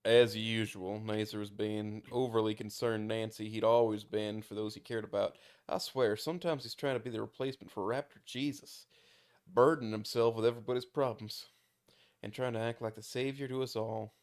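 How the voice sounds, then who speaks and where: A man's voice: on the low side, fairly even intonation, moderate pace, a little mellow, clear, resonant tone, natural voice. A man reading the part of a lovesick, awkward teenage boy, with flowery, overblown declarations. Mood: nervous. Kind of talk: reading a fan story aloud.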